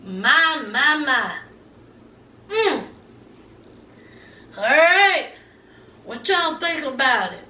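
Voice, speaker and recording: A woman's voice: high voice, sing-song, drawn-out words, long pauses, sharp tone, far from the mic. A woman giving a sassy, laughing recap of a TV show, calling her viewers honey. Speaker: recap vlogger. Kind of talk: casual TV recap commentary. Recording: echoey room, voice away from mic.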